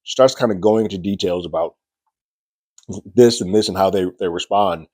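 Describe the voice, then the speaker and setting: Deep-voiced man casually recapping a show. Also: normal speed, a little mellow, breathy edge, dry recording. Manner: chatty, loose retelling with frequent restarts and acted-out quotes. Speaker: TV show reviewer.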